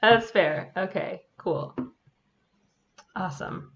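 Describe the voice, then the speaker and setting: A woman's voice: lowish voice, lively intonation, takes it slowly. Teasing woman podcast co-host. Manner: teasing, laughs often. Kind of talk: casual chat. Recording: muffled lo-fi podcast audio.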